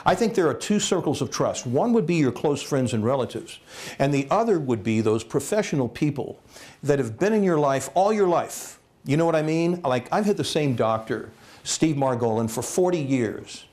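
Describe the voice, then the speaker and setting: A man giving a comic storytelling talk as guest speaker at a college, animated and jokey, acting out voices. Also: medium pitch, moderate pace. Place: lecture hall at a college.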